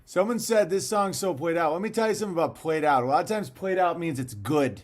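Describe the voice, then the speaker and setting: A man's voice: on the high side, fast talker, faint music behind. A man hosting a casual livestream, rambling, reading viewer comments aloud and talking bluntly with the odd swear word. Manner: blunt and profane. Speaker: livestream host.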